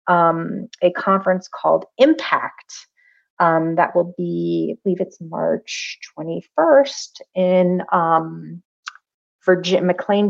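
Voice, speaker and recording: A woman's voice: on the low side, gravelly, darkish tone. A woman researcher speaking as a podcast guest in a thoughtful, casual way, with many fillers and restarts. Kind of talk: casual interview talk. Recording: dull lo-fi audio.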